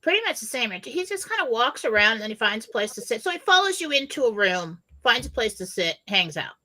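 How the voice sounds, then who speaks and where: A woman's voice: fairly high pitch, sing-song, fairly quick, sharp tone. A woman co-hosting a casual talk show, telling stories animatedly and laughing as she goes. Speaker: co-host. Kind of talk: casual chat, storytelling.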